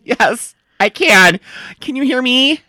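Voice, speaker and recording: A man's voice: very high-pitched, expressive, takes it slowly, sharp tone, no room sound, pitched above the performer's own voice, heavily acted. A man playing a fawning, starstruck radio interviewer in a comedy sketch, who keeps slipping into a British accent. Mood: gushing.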